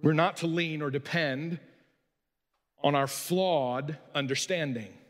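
Guy preaching a sermon, big loud highs then quiet asides, echoey church. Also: slow. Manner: dramatic swings between loud emphasis and quiet asides. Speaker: pastor.

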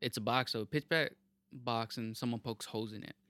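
A young man co-hosting a casual podcast chat, rambling through stories in a profane way with halting restarts. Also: mid-range voice, fairly even intonation, bright, forceful tone, no room sound. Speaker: podcast co-host.

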